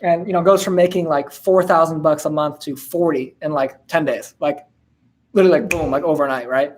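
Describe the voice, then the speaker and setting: A man's voice: a little high, fairly even intonation, a little fast, slight background noise. A man in his twenties hosting a casual live-stream Q&A, laid-back and slangy, with lots of fillers and laughs. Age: 20s. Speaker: host answering viewer questions.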